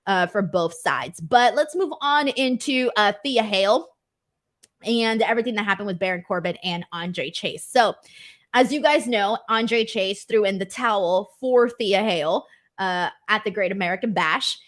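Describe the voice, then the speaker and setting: A young adult woman hosting a casual live-stream wrestling recap, animated and emphatic, with casual swearing. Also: mid-range voice, normal speed. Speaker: wrestling show host.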